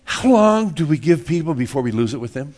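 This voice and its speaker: A man's voice: fairly high pitch, very animated, brisk, darkish tone. A man preaching a sermon in a church, folksy and joking, repeating words and acting out little everyday scenes. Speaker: pastor.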